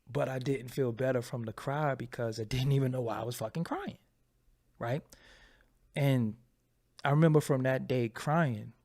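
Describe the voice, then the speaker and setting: A man speaking candidly to his audience, telling a personal story in a halting, profane way with many repeated phrases. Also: mid-range voice, vocal fry, a little mellow. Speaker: channel host.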